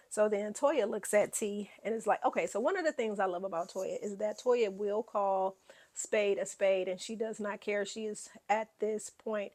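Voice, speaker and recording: Woman doing a messy tv recap, sassy, laughing a lot, mid pitch. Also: normal speed. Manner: sassy, animated, laughs often. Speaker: reality TV recap host. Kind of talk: casual gossip recap.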